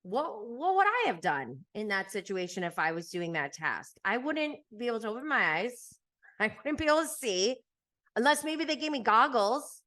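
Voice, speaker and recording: A woman with a slightly high, sharp voice and big pitch swings hosts a podcast at normal speed. She chats casually and animatedly recapping reality TV, laughing often and leaning on fillers.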